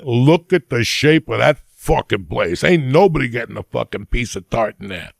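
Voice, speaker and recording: A man's voice: mid-range voice, lively intonation, moderate pace, vocal fry, no echo, clean studio sound. A man in his sixties hosting a podcast, telling rambling, blunt, profanity-heavy stories in a casual chat. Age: 60s. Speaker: podcast host.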